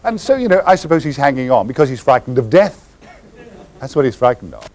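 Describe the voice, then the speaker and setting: A man's voice: mid-range voice, very animated, fairly quick, a little mellow. An older Englishman, answering audience questions in a wry, theatrical and meandering storytelling manner. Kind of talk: anecdotal audience Q&A.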